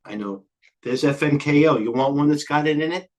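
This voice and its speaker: An older man hosting a live trading stream, talking quickly and jumping between stock tickers, a little out of breath. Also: a little high, a little mellow. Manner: rapid, scattered, jumps between tickers. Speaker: trading show host. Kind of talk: live market commentary.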